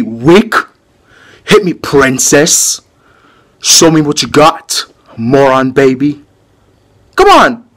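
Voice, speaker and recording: A man's voice: on the high side, exaggerated voice. A man voicing a sneering 42-year-old male bully in a homemade skit, taunting a younger man. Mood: mocking.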